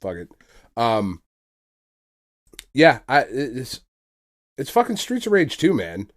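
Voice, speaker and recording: A man's voice: medium pitch, huge pitch swings, slow. A man co-hosting a podcast, chatting casually in loose, profane banter and laughing often. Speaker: podcast co-host. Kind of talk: casual chat.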